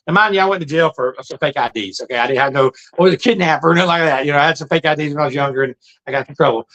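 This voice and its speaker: A man's voice: fairly high pitch, racing, fairly bright tone, low-quality recording. A middle-aged man, telling his own life story in a plain-spoken, earnest, folksy way. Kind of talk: casual storytelling monologue.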